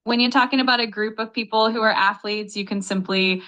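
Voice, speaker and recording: A woman's voice: on the high side, fairly even intonation, a little fast, fairly bright tone, highs cut off. A woman's voice acting as an English tutor, explaining word meanings in a polite, upbeat, patient way.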